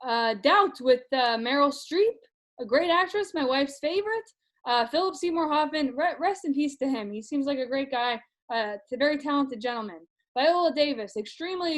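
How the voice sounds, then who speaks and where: A woman playing a nervous, rambling middle-aged dad who reviews movies in a comedy sketch, stammering through constant fillers. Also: sits high. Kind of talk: comic sketch monologue.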